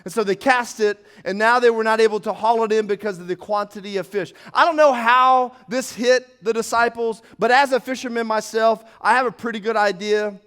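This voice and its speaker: A man's voice: high voice, fairly quick, hardly any pauses, fairly bright tone, clear, resonant tone. A man preaching a sermon as pastor, acting out scenes from the Bible with rising emphasis.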